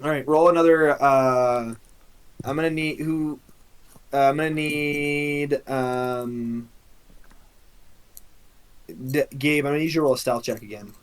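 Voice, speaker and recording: A man's voice: a little high, steady tone, measured pace, pauses often, clear, resonant tone, poor audio. A man running a tabletop game as dungeon master, narrating in a rambling way with frequent restarts. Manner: rambling, many fillers and restarts.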